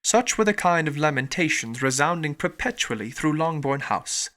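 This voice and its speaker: A man narrating a classic novel in a measured, formal reading. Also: on the high side, lively intonation, pushed and bright. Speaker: audiobook narrator. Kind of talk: scripted narration.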